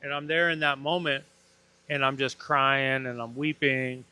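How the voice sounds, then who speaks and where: A man's voice: mid-range voice, steady tone, measured pace, pushed and bright, clean tone. A man, a podcast guest, telling an earnest and emotional personal story and acting out the dialogue in it. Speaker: podcast guest, breathwork facilitator.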